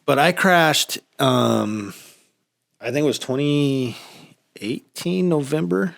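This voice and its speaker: A man casually chatting on a podcast, telling stories with lively acted-out quotes. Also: on the high side, slow pace, creaky, no echo, studio quality. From United States. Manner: animated storytelling, acts out quotes. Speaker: podcast host. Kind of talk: casual chat.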